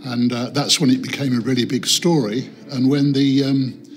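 A man's voice: medium pitch, steady tone, normal speed, soft background music. Man commenting, thoughtful. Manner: thoughtful, many uhs. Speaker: interviewee, commentator. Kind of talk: documentary interview.

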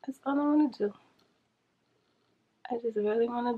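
A woman chatting to viewers in a casual makeup challenge vlog, flustered and rushing against a timer. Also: a little high, lo-fi sound. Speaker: beauty vlogger.

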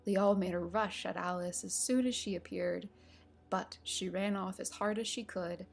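A woman reads a classic storybook in a calm, measured voice with a touch of vocal fry. Her pitch sits in an ordinary middle range. Faint music runs underneath. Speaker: narrator. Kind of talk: storybook reading.

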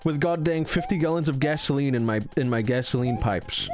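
A young man streaming himself playing a game in a tournament, excitable and jokey, yelling and swearing when things go wrong. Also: mid-range voice, fairly quick, music in the background. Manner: excitable, swears a lot, yells in frustration, jokey. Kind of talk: casual live-stream commentary while gaming.

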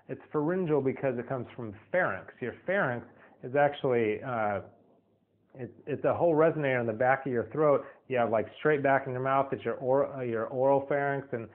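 Rambling singing teacher on tinny audio. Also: male voice, mid-range voice. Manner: rambling, repeats words, many fillers. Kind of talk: casual spoken vocal lesson.

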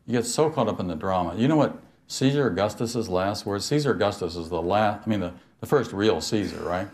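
A man's voice: fairly low pitch, expressive, a little fast, a little mellow. An older man giving a spiritual talk to an audience, telling stories, laughing and asking his listeners questions. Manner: storytelling, asks the audience questions, laughs often. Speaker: speaker on mysticism.

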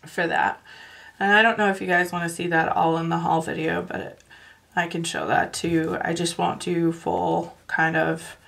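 A woman from northern Wisconsin, hosting a coloring channel and chatting casually, rambling with soft laughs and fillers. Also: on the low side, vocal fry. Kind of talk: casual chat while coloring.

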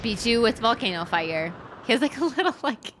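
Bubbly, excitable young woman gamer. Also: fairly high pitch, a little fast, a little hiss or hum. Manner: excitable, gasping and squealing often. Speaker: gaming streamer. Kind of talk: let's play commentary. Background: game music.

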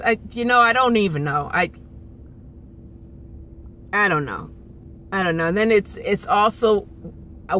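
A woman's voice: mid-range voice, pushed and bright, slight background noise. A woman in her thirties venting to camera in a frustrated, rambling way, often repeating herself. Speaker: vlogger. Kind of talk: emotional venting vlog.

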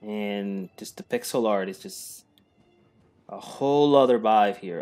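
A man hosting a let's play, talking in an upbeat, excitable, chatty way. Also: lowish voice, measured pace, faint music behind. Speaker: gaming channel host.

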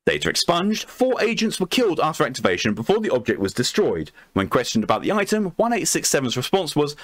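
A man's voice: medium pitch, wildly swooping pitch, quick pace, hardly any pauses, dry recording. A man reading documents aloud on a live stream, breaking off to swear and react.

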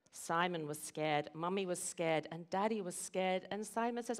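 A woman telling a children's story at a church service, animated and expressive, asking the children questions. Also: on the low side, normal speed, few pauses.

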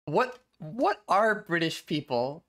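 A woman's voice: fairly low pitch, big pitch swings, slow. A young woman streaming live, chatting casually and laughing often as she reacts to a video.

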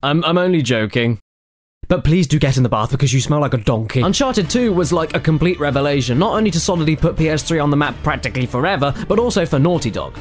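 A young man with an energetic, jokey manner who swears freely, narrating a scripted comedic video game retrospective as its reviewer. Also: on the high side. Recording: faint music bed behind voice.

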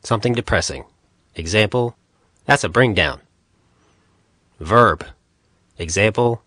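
Very slow, low-voiced male narrator. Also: sharp tone, dry recording, clean studio sound. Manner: reads dictionary entries in short, measured phrases. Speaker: audiobook narrator. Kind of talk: scripted audiobook narration.

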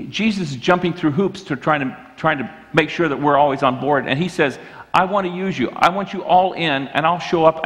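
A man's voice: fairly high pitch, a bit bright. A man preaching a sermon as the pastor, earnest and often restarting his sentences. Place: church sanctuary. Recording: church hall reverb.

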